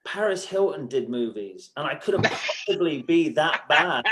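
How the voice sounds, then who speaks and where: English man, fairly high voice, casual podcast chat, animated, self-mocking. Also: unhurried, noisy background. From England. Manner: animated storytelling, self-mocking, laughs often. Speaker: guest musician.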